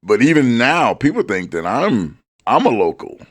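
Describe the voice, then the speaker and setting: A man from the US West Coast, co-hosting a podcast in casual chat, animated and given to quoting people in put-on voices. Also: medium pitch, moderate pace, no echo, studio quality. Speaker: podcast co-host.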